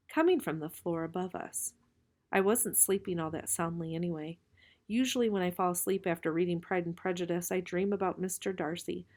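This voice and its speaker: A woman reading a novel aloud in a calm, measured way, slowing for suspense. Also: on the low side. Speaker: reader.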